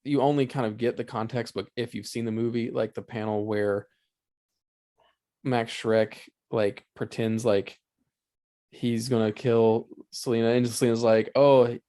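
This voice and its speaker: A man on a podcast as a guest in casual chat, talking haltingly with many restarts. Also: medium pitch, flat delivery, mellow. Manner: hesitant, lots of fillers and restarts.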